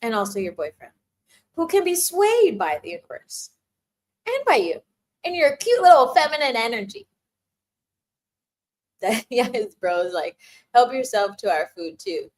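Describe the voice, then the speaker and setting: A woman's voice: a little high, big pitch swings, unhurried, pauses often. A young woman hosting a casual live-stream Q&A, giggling often and teasing her chat as she gives playful advice. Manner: giggly, laughs often between phrases.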